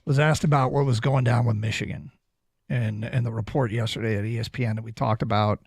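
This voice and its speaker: A man hosting a sports talk radio show in a studio, taking calls and making his points deliberately, repeating phrases for emphasis. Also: medium pitch, steady tone, slightly rough, no room sound.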